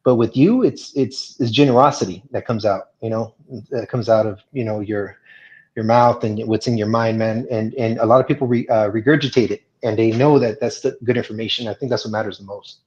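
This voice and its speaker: A man speaking as a guest in a live chat Q&A, earnest and halting, with many fillers and restarts. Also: on the low side, fairly even intonation, darkish tone. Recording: dull lo-fi sound.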